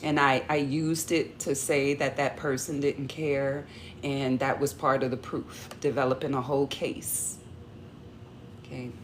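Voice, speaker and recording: A woman's voice: rumbling low, a little slow, slight background noise. A woman talking casually to her audience as a relationship coach, sassy and conversational. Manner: animated, acts out quoted arguments. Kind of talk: casual talk to camera.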